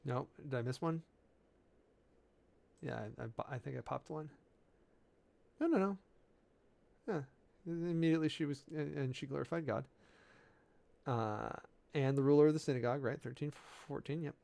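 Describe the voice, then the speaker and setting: Gravelly man musing through Greek text. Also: fairly high pitch, dark tone. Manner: musing and halting, with many fillers and self-corrections; amused by word details. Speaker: preacher. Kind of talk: informal sermon preparation, working through Greek text.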